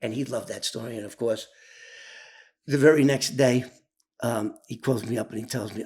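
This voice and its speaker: A man telling an animated street story, acting out the voices of others and often restarting his sentences. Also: mid-range voice, moderate pace, long pauses. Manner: animated, acts out quoted voices, many restarts. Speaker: former mob associate telling his story. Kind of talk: casual spoken storytelling.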